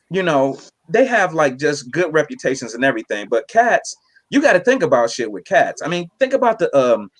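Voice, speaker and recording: Animated young man doing stand-up. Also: fairly high pitch. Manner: animated, crude, laughs at own jokes. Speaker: stand-up comedian. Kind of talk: stand-up comedy set.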